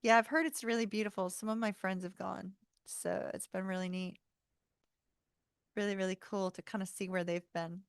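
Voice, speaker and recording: Female tarot streamer, relaxed chatty host, gravelly, dry close sound. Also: mid-range voice, normal speed, dry recording. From North Carolina, US. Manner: chatty, warm-hearted, laughs often, says y'all. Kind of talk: casual livestream chat.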